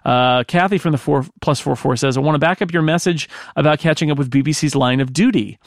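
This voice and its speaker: A man co-hosts a casual podcast, reading listener mail and trading opinions with his partner. His voice has a gravelly edge and sounds close and dry, with no room around it. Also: a little high, fast, dry recording. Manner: animated, mimics accents when quoting.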